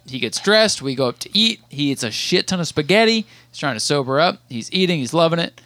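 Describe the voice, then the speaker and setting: A man's voice: a little high, lively intonation, brisk, fairly bright tone, dry recording. A man in his thirties, a podcast co-host telling a long rambling story in casual chat, with many restarts.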